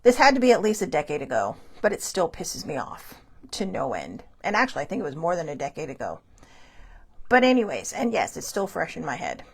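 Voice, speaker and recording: A woman hosts her show and tells a personal story in a loose, rambling monologue. Her pitch swings widely as she talks, and she keeps restarting sentences and filling pauses as she goes. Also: husky. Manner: rambling, chatty, frequent fillers and restarts; animated, laughs between thoughts. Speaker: show host. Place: Hawaii show.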